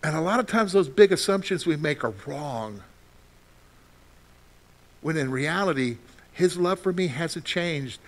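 A man preaching a sermon as pastor, acting out frantic prayers and then dropping to soft, reassuring words. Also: a little high, animated, a little slow, long pauses.

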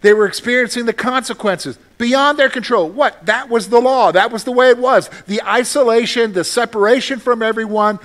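A man's voice: very high-pitched, moderate pace, few pauses, fairly bright tone. A man preaching a sermon in a conversational way, asking his congregation questions and acting out short voices. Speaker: pastor.

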